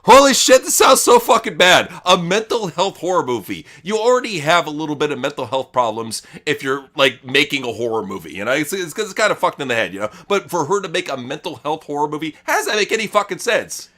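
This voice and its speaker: Podcast host, man, bright animated voice, crude mocking banter. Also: on the high side, fast talker, few pauses. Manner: crude, mocking, laughs often. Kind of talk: casual wrestling news chat.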